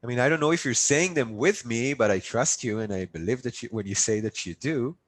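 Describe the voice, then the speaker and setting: A man's voice: mid-range voice, fairly quick, low-quality recording. A man teaching a live online language lesson, upbeat and coaxing his students to repeat drills after him over a video call. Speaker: Hebrew teacher.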